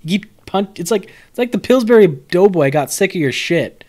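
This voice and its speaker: A young man giving casual, animated live-stream commentary on a card set, joking, swearing and answering his chat. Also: high voice, moderate pace.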